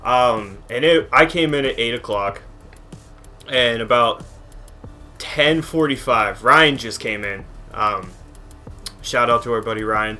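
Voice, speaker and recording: A young man co-hosting a podcast, telling a work story in a casual, animated way, laughing often, swearing, and acting out both sides of an argument. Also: mid-range voice, slow, pauses often, faint music behind. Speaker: podcast co-host. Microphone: podcast microphone.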